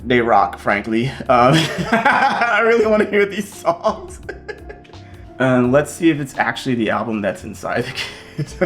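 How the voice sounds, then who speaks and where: A man hosting a casual vlog as he unboxes vinyl records, excitable and gushing, swearing often. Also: mid-range voice, a little slow, faint music behind.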